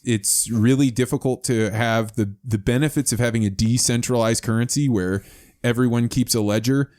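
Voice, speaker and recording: A man hosting a podcast interview, telling stories in an animated, conversational way. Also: mid-range voice. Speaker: podcast host.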